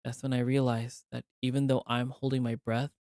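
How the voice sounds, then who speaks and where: A man's voice: medium pitch, moderate pace, no room sound, clean studio sound. A man streaming as he reads a visual novel aloud and voices its characters in a dramatic way. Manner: dramatic reading, animated asides.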